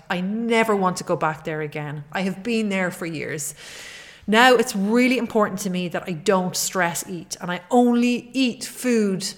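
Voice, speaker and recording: A middle-aged woman with a fairly low voice hosts a solo podcast as a fitness coach. She speaks earnestly and encouragingly, often repeating her key points.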